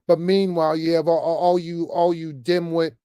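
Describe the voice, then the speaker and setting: A man's voice: fairly high pitch, level tone, moderate pace, warm tone, clean tone, no echo, studio quality. Emphatic man ranting with constant stammers. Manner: emphatic, repetitive, frequent stammers and "man" tags. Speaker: political commentator vlogger. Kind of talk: off-the-cuff political rant.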